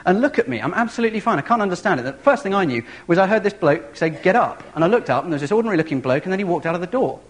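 A man preaching a sermon, telling a story in an animated, vivid way. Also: high-pitched, rapid-fire, few pauses.

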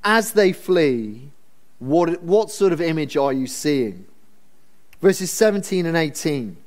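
A man's voice: a little high, very animated, takes it slowly. A man preaching a Bible sermon in a conversational, humorous storytelling manner. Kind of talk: expository sermon.

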